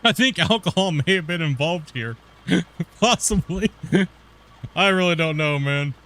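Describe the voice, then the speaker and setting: A man's voice: on the high side, animated, a little slow, a bit bright. Slangy laughing streamer guy with a Pacific Northwest accent. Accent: Pacific Northwest US, with West Coast Canadian touches. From northern US near the Canadian border. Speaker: game streamer. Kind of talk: casual gaming stream chat.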